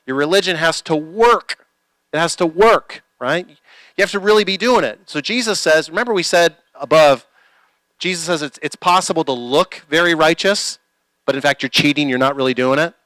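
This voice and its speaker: A man with a fairly high voice preaches a sermon to his congregation. He fires off rhetorical questions, and his voice comes through dry and close with almost no room sound. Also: normal speed, a bit bright, dry recording, low-quality recording. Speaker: pastor. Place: church.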